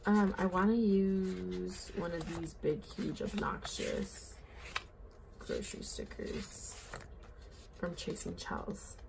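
A woman's voice: on the low side, fairly even intonation, slow pace, creaky, background noise. A young woman chatting casually while she fills in her planner, rambling and bubbly, saying "like" and "oh my gosh" often. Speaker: planner vlogger. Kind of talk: casual chatty plan-with-me vlog.

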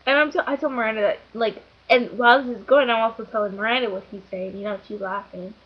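A young woman chats on in a rambling, giggly way, full of "like" and "you know," her voice sitting a little high. The sound is dull and lo-fi, as from an old webcam mic. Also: steady tone, fast talker, slight background noise. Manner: rambling, filler-heavy, giggly. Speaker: vlogger. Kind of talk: casual storytelling.

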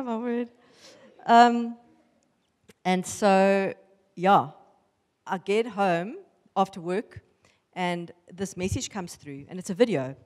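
Woman, sermon, animated storytelling, echoing church hall. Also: medium pitch. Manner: animated storytelling, acting out voices. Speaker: women's ministry speaker. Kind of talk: testimony sermon.

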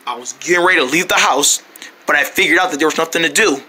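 High, very bright-voiced male storyteller. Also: fast, slightly rough. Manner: run-on, playful storytelling with sound effects. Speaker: storyteller voicing a character. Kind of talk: rambling first-person story skit.

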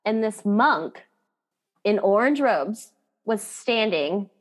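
A woman's voice: mid-range voice, expressive, takes it slowly. Woman podcast guest, casual storytelling, candid, talkative, fillers like "like". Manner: candid, chatty, peppered with "like".

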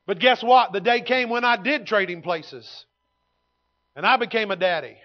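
A man, preaching a sermon in a folksy storytelling way that swings from loud to hushed. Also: high-pitched, normal speed, muffled recording. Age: 50s. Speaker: pastor. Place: church sanctuary.

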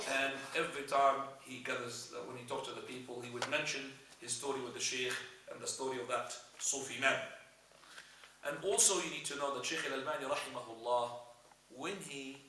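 A male religious teacher giving a lesson, retelling stories in an animated way. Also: mid-range voice, a little hiss or hum. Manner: animated storyteller, frequent fillers and restarts. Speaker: Islamic teacher. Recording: echoey room, speaker far from mic.

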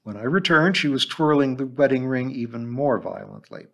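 A man narrating an audiobook in a measured, even storytelling manner. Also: medium pitch, creaky, highs cut off. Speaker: audiobook reader.

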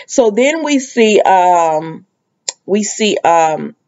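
A woman's voice: mid-range voice, big pitch swings, extremely slow, a little mellow. Chatty woman recapping a soap, lo-fi. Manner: chatty storyteller, acts out quoted lines. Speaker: soap opera recap vlogger. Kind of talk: casual episode recap.

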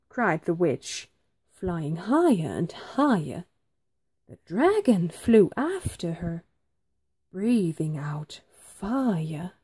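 A woman teacher reading a children's storybook aloud, slow and very expressive. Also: mid-range voice, husky, no echo, clean studio sound.

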